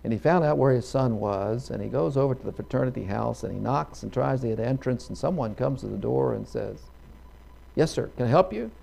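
Middle-aged male preacher, gravelly, folksy sermon storyteller who acts out characters and erupts into hallelujahs. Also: mid-range voice, a little fast, hardly any pauses, dark tone.

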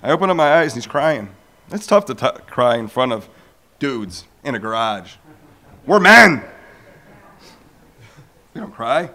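A man in his forties telling a personal faith story, animated and acting out the voices of people he quotes. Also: moderate pace. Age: 40s. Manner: animated storyteller who acts out quoted voices with big pitch jumps. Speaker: speaker sharing a personal testimony. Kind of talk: storytelling testimony talk.

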